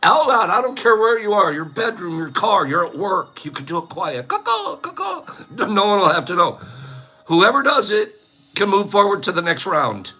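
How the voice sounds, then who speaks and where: A high, animated, somewhat breathy male voice at a moderate pace leads a casual live stream over soft music. The host teases his chat in good fun, laughs a lot, and throws in loud bird calls.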